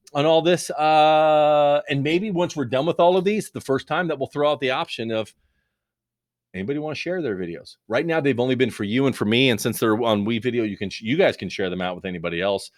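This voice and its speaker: A man's voice: on the high side, dry recording. A man teaching a recorded video lesson in a rambling, joking, conversational way into a close mic.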